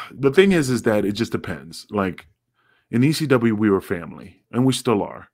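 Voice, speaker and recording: A man's voice: fairly low pitch, very animated, normal speed, a little mellow, dry recording. A middle-aged man, a former wrestler, telling rambling, profane stories in a casual interview. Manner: rambling, profane, acts out quotes.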